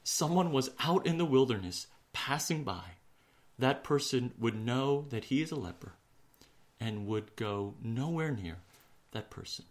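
A man preaching a sermon in an earnest way, slowing for emphasis and sinking to a hush on key words. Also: mid-range voice, expressive. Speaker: pastor.

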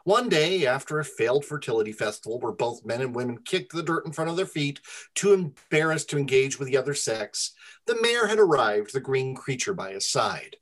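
Lively storyteller reading aloud. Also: mid-range voice, fairly quick. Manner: wry, self-deprecating, lively delivery. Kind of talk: reading own comic fantasy story aloud to friends.

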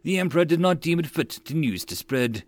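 A man's voice: on the high side, animated, fairly quick, no echo, voice pushed up, close to an everyday voice. A man voicing a dutiful young male soldier reporting formally to his lord. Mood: deferential. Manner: formal, deferential.

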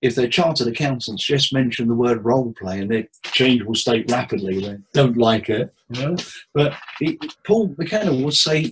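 A man, a therapist, giving tips in a relaxed interview with jokes and acted-out quotes. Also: medium pitch, moderate pace, slightly rough, low-quality recording. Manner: jokey, anecdotal, acts out quotes. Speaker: therapist and hypnotherapist guest.

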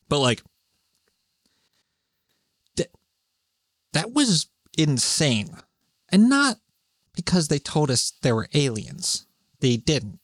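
A man's voice: medium pitch, fairly bright tone, no echo, studio quality. Profane, rambling man. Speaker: podcast host. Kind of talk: solo rambling monologue.

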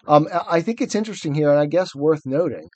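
A man's voice: on the high side, expressive, quick pace, warm tone, dry recording. A man co-hosting a podcast, talking through a book in a thoughtful, reflective way. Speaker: podcast co-host. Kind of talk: casual book discussion.

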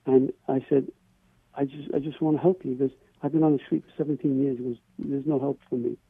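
A man's voice: medium pitch, steady tone, creaky, husky, dry recording. Man telling a story over a tinny phone line. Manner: earnest, halting, many repeated words. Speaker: caller. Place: on a phone call to a radio show.

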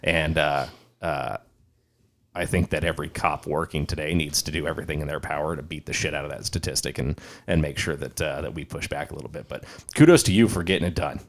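A man hosting a casual podcast speaks in an extremely deep voice. He is relaxed and drops the odd swear, and his sentences often trail off quietly. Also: a little fast, vocal fry. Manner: laid-back, swears casually, trails off softly. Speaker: podcast host, police officer.

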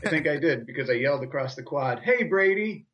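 A man's voice: mid-range voice, steady tone, quick pace, a bit bright, muffled recording. A man appearing as a podcast guest and improv performer, friendly and explaining with restarts. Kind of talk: casual chat.

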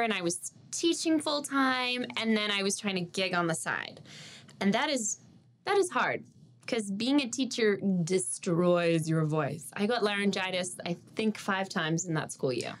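A woman's voice: mid-range voice, a little slow, slight background noise. A young Australian woman, a singer and music teacher, chatting as a guest and acting out the voices in her stories. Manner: animated storyteller who acts out quoted voices. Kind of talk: casual interview chat.

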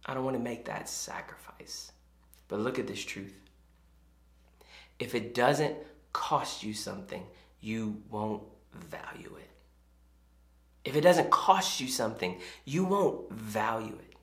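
Lively storytelling male pastor. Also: lowish voice, takes it slowly, pauses often. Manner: conversational storytelling. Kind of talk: sermon. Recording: echoey room.

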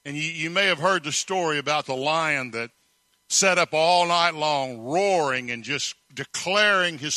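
Brief: pastor mid-sermon, very bright, fairly high voice, dry close sound, emphatic storyteller. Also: male voice, no echo. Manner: emphatic storytelling, rhetorical questions.

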